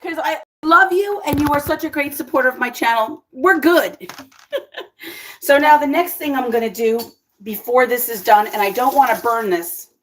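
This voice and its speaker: A woman hosting her own cooking vlog, chatting casually with viewers, excitable and always exclaiming and laughing. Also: a little high, moderate pace, slight background noise. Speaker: cooking vlogger and channel host.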